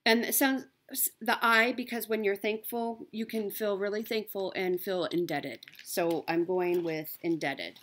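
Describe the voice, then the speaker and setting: Speaking a little slowly in a medium-pitched, slightly bright voice with fairly even intonation, a woman chats as a cross stitch vlogger. She's upbeat and talkative during her show-and-tell, often saying um and correcting herself.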